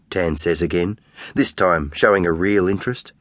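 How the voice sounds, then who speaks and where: A man narrating a children's audiobook in a measured, expressive way. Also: deep voice, no echo, clean studio sound. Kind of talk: scripted narration.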